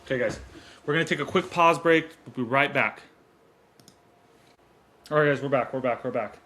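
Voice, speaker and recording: Speaking at a moderate pace in a mid-range voice that sounds pushed and bright, a man hosts his podcast with slight background noise. He rambles earnestly through motivational and casual talk, stopping to fix his mic stand while the desk mic keeps recording.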